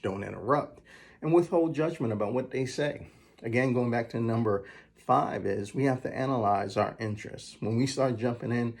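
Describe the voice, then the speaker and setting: A man coaching viewers through numbered communication tips, slowing down to stress the key phrases. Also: medium pitch, gravelly, a little mellow, breathy edge. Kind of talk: motivational advice talk.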